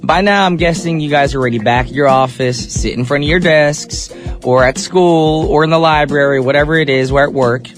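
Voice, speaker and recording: A man hosting a live radio show from the studio, chatting upbeat with listeners while a little sick, his voice deeper than usual. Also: a little fast, faint music behind.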